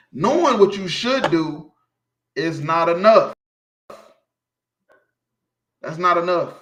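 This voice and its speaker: A man's voice: on the high side, lively intonation, slow pace, long pauses, fairly bright tone, reverberant, a little hiss or hum. A man giving an informal sermon, teaching scripture emphatically and asking his listeners again and again if they follow him. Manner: emphatic, preachy, keeps asking "you feel me". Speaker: street preacher teaching scripture.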